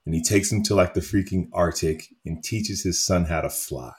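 A man co-hosting a casual chat show, telling stories with animated energy and frequent laughter. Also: low voice, normal speed. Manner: animated storyteller, laughs often. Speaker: podcast co-host.

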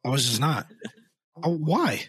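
A man's voice: a little high, sing-song, a little slow, a bit bright, slightly rough, dry recording, studio quality. A young man co-hosting a podcast in casual chat, blunt, profane and emphatic. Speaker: podcast co-host.

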